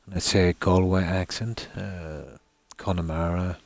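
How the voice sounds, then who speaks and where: Irish Midlands man, low voice, laid-back rambling streamer chat. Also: fairly even intonation, unhurried, creaky, dry recording. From Ireland. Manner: rambling, many fillers and "let's say". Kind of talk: casual chat with viewers while gaming.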